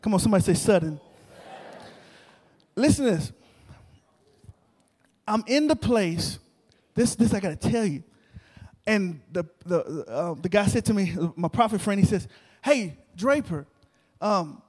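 A male preacher telling a story in an animated sermon, repeating phrases and calling out to the congregation. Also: sits high, a little slow, long pauses, slightly rough. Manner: animated, repetitive, talks to the crowd. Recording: long reverb of a large hall.

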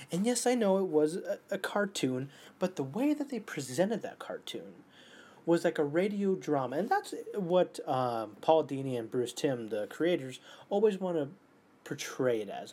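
A man in his twenties talking casually in an animated way, swearing often and swinging between loud outbursts and near-whispers. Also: medium pitch, slightly rough. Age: 20s. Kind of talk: casual monologue.

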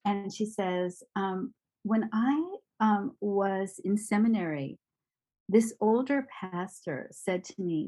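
A woman giving a gentle, reflective dharma talk on mindfulness, pausing often with ums. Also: medium pitch, expressive, poor audio. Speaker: meditation teacher.

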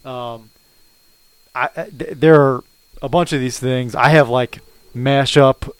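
A man's voice: medium pitch, fairly even intonation, takes it slowly, smooth, dry recording. A man co-hosting a casual podcast, easygoing and laughing as he tells stories. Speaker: podcast co-host. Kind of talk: casual sports and food chat.

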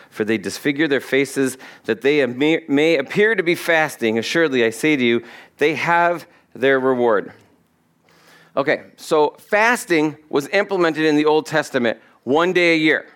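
A pastor preaching a sermon, slowing down to stress key words and putting questions directly to his congregation. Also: mid-range voice, fairly bright tone, clear, resonant tone. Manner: emphatic, slows to stress key words, quotes scripture.

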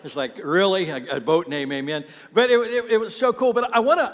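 A man's voice: on the high side, long reverb tail. A man preaching a sermon as pastor, talking conversationally to the congregation and restarting his words.

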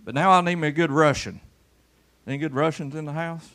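A pastor preaching a folksy sermon in church, pulling people up front for a demonstration and swinging between loud calls and low murmurs. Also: male voice, brisk. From Kentucky.

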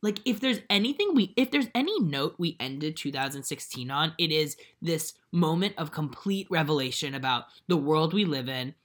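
A woman in her twenties co-hosts a podcast, telling stories in casual chat with a deep voice at a moderate pace and hardly any pauses. She's an animated storyteller who acts out quotes and uses lots of fillers.

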